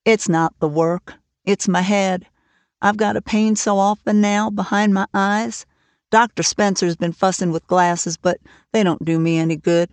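A woman's voice: medium pitch, fairly even intonation, a little slow, dry recording, close to an everyday voice. A woman reading the part of a stern, worried older farm woman who speaks plainly and bluntly, for an audiobook. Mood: troubled.

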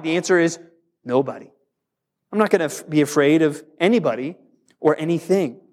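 A male pastor delivering a sermon in a slightly higher voice. He is emphatic and drags out key words for weight, with a quick, conversational pace between them.

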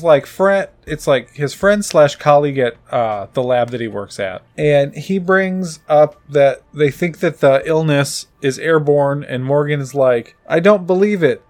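A man's voice: on the high side, darkish tone. A young man casually recapping a film, rambling with lots of fillers, sarcastic asides and casual swearing.

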